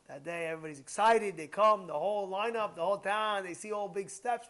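A man giving a Torah class as a rabbi, animated, repeating points and asking his listeners rhetorical questions. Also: high-pitched, fairly quick, few pauses.

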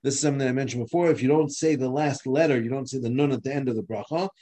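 A man's voice: mid-range voice, mellow. A man teaching a halacha class, explaining step by step with frequent restarts and fillers, and sounding out words to show their pronunciation. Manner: halting, with many restarts and fillers. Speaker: Torah teacher.

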